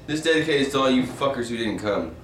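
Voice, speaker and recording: Brash, swearing man hosting a casual home chat, teasing his absent viewers. His pitch moves a lot, and the room around him is echoey and noisy. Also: animated, fairly quick. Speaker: host. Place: room at home near a water heater. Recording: roomy, distant mic, noisy.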